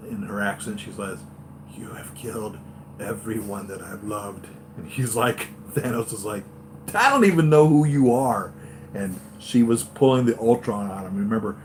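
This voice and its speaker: A man hosting a live stream for his toy-collector channel, chatting excitedly and going off on tangents, with lots of fillers and restarts. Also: lowish voice, background noise. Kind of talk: rambling live-stream fan chat.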